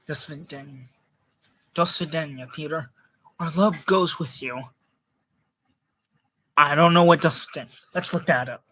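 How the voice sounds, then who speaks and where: A man's voice: a little high, slow pace, long pauses, pushed and bright. A man casually reading a comic book aloud, stumbling over words and chatting in asides.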